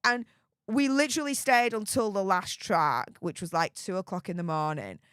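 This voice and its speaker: A young English woman hosting a live stream, rambling in a chatty, excitable way with plenty of fillers and mild cursing. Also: mid-range voice, moderate pace, smooth, dry recording, clean studio sound. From Yorkshire, England. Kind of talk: casual live stream chat.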